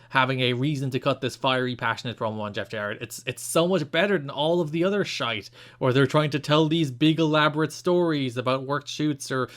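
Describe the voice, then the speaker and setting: A man's voice: mid-range voice, fairly bright tone. Male podcast co-host, casual chat, rambling, restarts, casual swearing.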